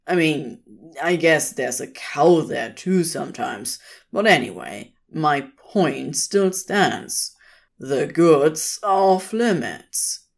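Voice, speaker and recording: A woman voicing an irritable, brash male demon with loud, exasperated outbursts. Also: sits low, lively intonation, takes it slowly, creaky, exaggerated voice.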